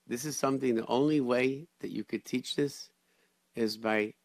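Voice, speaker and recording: Gravelly guy telling stories on a radio show, lots of restarts, dead dry mic. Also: medium pitch, moderate pace, no echo. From Rochester, New York area. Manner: animated storyteller, many restarts, Hebrew and Yiddish words. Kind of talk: casual storytelling chat.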